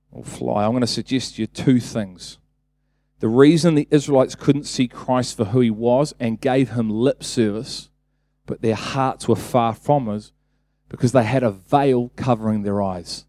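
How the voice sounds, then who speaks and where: A man's voice: mid-range voice, warm tone, no echo. A man preaching a casual sermon, talking conversationally, then building to emphatic bursts and asking the congregation rhetorical questions.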